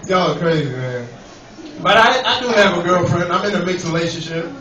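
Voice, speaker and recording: Heard from far off in an echoey club full of laughing people, a young New Yorker delivers profane stand-up and banters with the audience. His voice is high, bright, and forceful, and his delivery is brisk.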